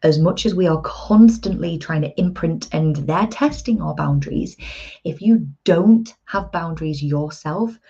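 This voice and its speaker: A woman in her thirties speaks earnestly and chattily to her viewers as an empowerment coach. Her voice sits low, with a mellow, husky tone. The recording sounds dull and lo-fi. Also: measured pace. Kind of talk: casual motivational talk to viewers.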